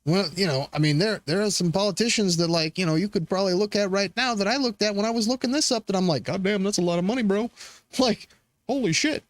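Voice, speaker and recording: A man's voice: high voice, fast, no echo. A man hosting a commentary show, reacting to political clips in a profane, sarcastic, rambling rant full of restarts.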